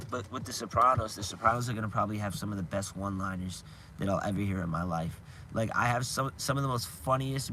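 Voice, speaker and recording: Here the live streamer's voice is fairly low in pitch yet pushed and bright, with a little hiss or hum behind it. He chats casually and rambles, often restarting and chuckling now and then as he retells scenes.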